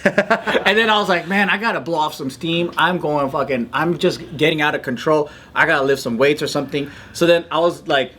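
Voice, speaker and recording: A man's voice: fairly high pitch, fairly quick, background noise. A man co-hosting a comedy podcast, telling a rambling, self-mocking story in casual chat and swearing often. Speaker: podcast co-host.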